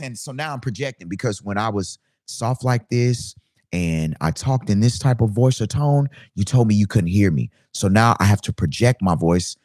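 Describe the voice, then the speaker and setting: A man's voice: fairly low pitch, expressive, moderate pace, darkish tone, no room sound, clean studio sound. A man who works as a DJ, talking casually to camera in a ranting monologue full of rhetorical questions.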